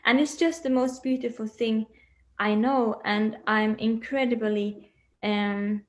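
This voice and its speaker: A woman's voice: a little high, fairly even intonation, takes it slowly. A woman speaking as an interview guest from home on a video call, dreamy and searching for words, laughing often.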